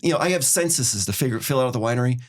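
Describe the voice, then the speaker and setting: A man's voice: medium pitch, expressive, very fast. A middle-aged man hosting a podcast, giving earnest relationship advice in casual chat and acting out small dialogues. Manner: earnest, acts out little dialogues. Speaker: podcast host.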